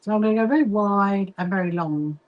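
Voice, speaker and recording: A woman's voice: mid-range voice, a little fast, highs cut off. A middle-aged woman chats casually to viewers while she sews, reading out their comments and laughing often. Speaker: livestream host. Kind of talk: casual chat while sewing.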